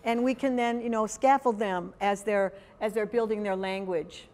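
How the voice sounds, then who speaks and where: A woman leads a teacher workshop in a big conference hall, and her voice rings with a long reverb tail. She talks at an ordinary middle pitch in a loose, conversational way, pausing on "um" and "uh" and tossing questions out to the room. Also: fairly even intonation, a little mellow. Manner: conversational, halting with frequent fillers, quizzes the audience. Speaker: workshop presenter for language teachers.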